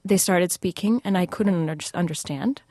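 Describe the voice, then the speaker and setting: Enthusiastic woman with a low, dry voice. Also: moderate pace, mellow, no echo. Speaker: French language expert guest. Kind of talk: radio interview.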